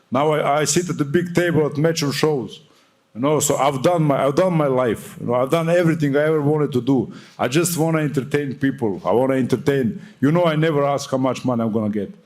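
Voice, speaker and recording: A man's voice: medium pitch, darkish tone. A young man answering at a boxing press conference, fiery, defiant and full of swearing.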